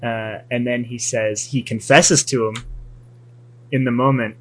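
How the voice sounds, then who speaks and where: A young man hosts casual chat and retells a story in a flat, crude deadpan. His voice has a mid pitch and a bright, forceful edge. A faint hiss and hum sit under the recording. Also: measured pace, poor audio. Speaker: podcast host. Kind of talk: casual recap of a comic.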